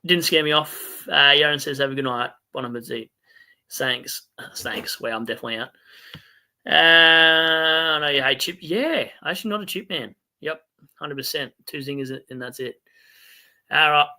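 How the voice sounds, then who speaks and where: A man's voice: fairly high pitch, moderate pace, sharp tone. An Australian man hosting a casual late-night livestream, reading viewer comments aloud in a rambling, chatty way and laughing at himself. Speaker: fantasy football stream host.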